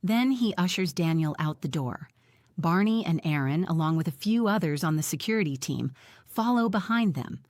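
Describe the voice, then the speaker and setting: A woman narrating a first-person audiobook in a plain, even storytelling manner. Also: low voice, normal speed, no room sound, clean studio sound.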